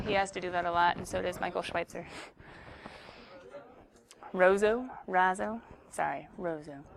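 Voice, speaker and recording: A young woman teaching a high school math class, playful and chatty with her students, who she teases as she talks them through problems. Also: fairly bright tone, slight background noise.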